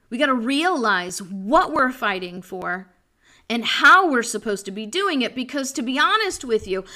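A woman's voice: sits high, pushed and bright. A woman hosting a podcast and giving an impassioned political commentary monologue, preachy in tone and often restarting her sentences. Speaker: podcast host.

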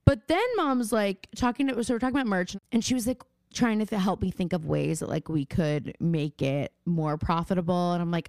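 A woman's voice: fairly low pitch, a little fast, hardly any pauses, no echo, studio quality. A woman co-hosting a podcast, telling a family story in casual chat, full of "like" and "um". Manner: animated storytelling, lots of "like" and "um". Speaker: podcast co-host.

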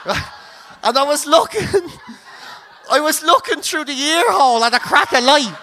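An Irish man hosting a podcast, telling a comic story in a sweary, laughing, animated way. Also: very high-pitched, normal speed, a little hiss or hum. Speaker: comedian podcast host.

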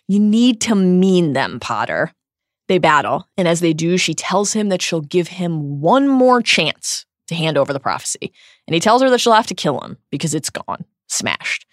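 A woman co-hosts a podcast and retells book scenes with earnest emphasis. Her pitch is animated and moves widely. The recording is dry and close. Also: moderate pace, no echo. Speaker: podcast co-host. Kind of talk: reading book passages with commentary.

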